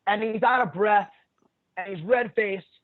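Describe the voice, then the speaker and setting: A man with a fairly high voice tells stories casually, blunt and often profane, laughing as he goes. The audio is narrow and tinny, like it came through a phone line. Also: unhurried. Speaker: jiu-jitsu instructor, podcast guest. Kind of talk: casual storytelling chat.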